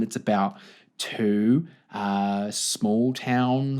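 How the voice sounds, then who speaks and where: A young man with a New Zealand accent hosts a solo comedic podcast, his voice leaping up and down with lively, animated intonation. He is expressive and quick to poke fun at himself. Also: mid-range voice. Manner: expressive, animated, self-deprecating. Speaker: podcast host.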